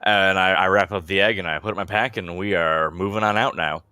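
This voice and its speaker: A man playing a tabletop game, talking in a brash, excitable way and swearing freely. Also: low-pitched, a little fast, smooth, no room sound, soft background music. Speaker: player. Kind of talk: casual tabletop play.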